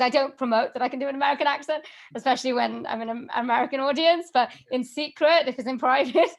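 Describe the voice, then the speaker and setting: A woman being interviewed on a podcast, speaking casually and with animation, with plenty of fillers and laughs. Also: medium pitch. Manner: chatty and animated, laughs often, many fillers. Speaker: guest, voiceover artist and singer.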